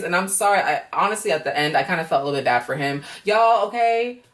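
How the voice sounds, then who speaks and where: A woman's voice: on the low side, fast talker, hardly any pauses, distant mic. Chatty woman recapping, heard from afar. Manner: chatty, profane, animated, laughs often. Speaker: YouTube reality-show reviewer. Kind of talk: casual reaction commentary.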